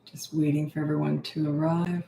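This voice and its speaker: A woman's voice: low-pitched, little pitch movement, normal speed, gravelly, dark tone, reverberant, slight background noise. A middle-aged woman, a parenting coach, chatting and rambling casually on a live-stream Q&A, self-deprecating.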